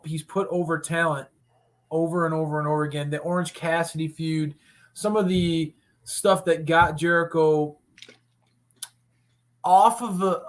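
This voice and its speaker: A man's voice: a little high, fairly bright tone. A man co-hosting a wrestling recap show in casual chat, talking enthusiastically and rambling with frequent restarts.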